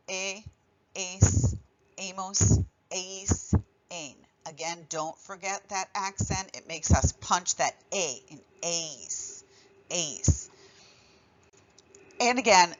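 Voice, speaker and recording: Teacher type: a woman walking students through verb endings, slow and deliberate on each form, slightly muffled recording. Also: on the low side. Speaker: Spanish teacher. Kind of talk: classroom grammar lesson.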